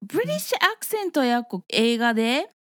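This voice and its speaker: A woman whose first language is Japanese talks at a very fast clip, and her pitch swoops up and down. She chats casually in two languages, backchannels quickly and laughs often. The recording is dry and close. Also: big pitch swings, a bit bright, no room sound. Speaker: translator. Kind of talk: casual bilingual chat.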